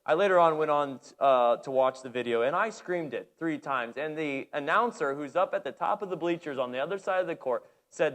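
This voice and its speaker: A man preaching a sermon who tells a personal coaching story, animated and full of restarts and repeated words. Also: on the high side, a little fast, hardly any pauses. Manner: animated storytelling, shouting when reliving the game, many restarts. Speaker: pastor and girls' basketball coach.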